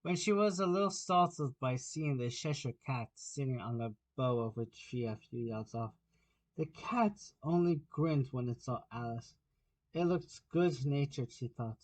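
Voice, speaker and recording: A man narrating an amateur audiobook of a children's classic in a plain, steady reading voice. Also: medium pitch, measured pace, low-quality recording.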